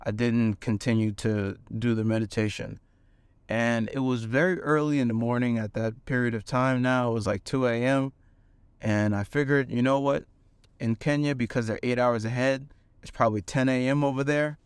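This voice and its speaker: A young man earnestly telling a personal story, with fillers and animated bursts. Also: medium pitch, normal speed, smooth, no echo. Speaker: manifestation coach.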